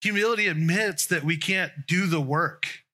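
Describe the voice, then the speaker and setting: Bright-voiced male preacher. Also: high voice, normal speed, slight background noise. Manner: conversational, with restarts and trailing phrases. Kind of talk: sermon.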